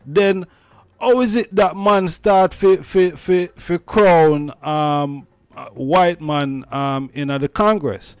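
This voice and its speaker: Male interviewer, slow and halting, fairly high voice, dry sound. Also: clear, resonant tone, no room sound. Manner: halting, many "um"s and restarts. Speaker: interviewer, host. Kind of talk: interview questions.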